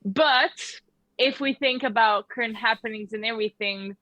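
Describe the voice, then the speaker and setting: A woman's voice: on the high side, moderate pace, no room sound, lo-fi sound. A woman speaking as a guest on a casual panel chat, hesitant, with many fillers and restarts.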